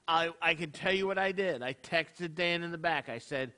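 A man's voice: a little high, normal speed, bright, forceful tone. A man, a rabbi preaching a casual, conversational sermon to his congregation, tossing out rhetorical questions. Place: congregation hall.

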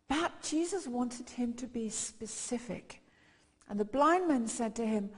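A woman preaching a sermon, her voice fairly high and breathy. She tells a story and acts out its voices with mounting force. A long hall echo trails her words. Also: animated, measured pace.

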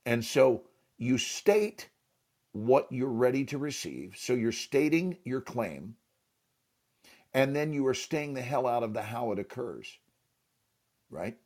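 A man's voice: mid-range voice, unhurried. Emphatic man telling a motivational story. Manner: emphatic, animated, acts out dialogue. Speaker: actor and teacher, guest.

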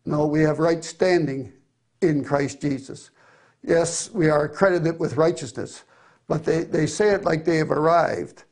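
A man's voice: on the high side, unhurried, a little mellow. A middle-aged man preaching a sermon, reading scripture with earnest emphasis.

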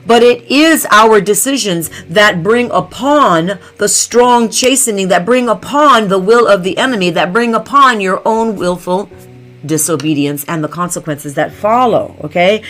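A woman delivers a sermon at a mid-range pitch, coming back to the same lines over and over. She keeps checking in with her listeners as she goes. Faint music plays quietly underneath. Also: measured pace. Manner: repeats key phrases, checks in with listeners. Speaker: preacher.

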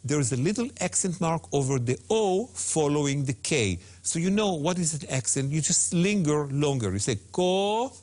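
A man with a slightly high voice, his pitch swinging widely as he talks. He is an emphatic guest teacher on a religious talk show who repeats phrases and draws Hebrew words out slowly. His delivery moves from quick bursts to careful, drawn-out stresses. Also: sing-song, darkish tone.

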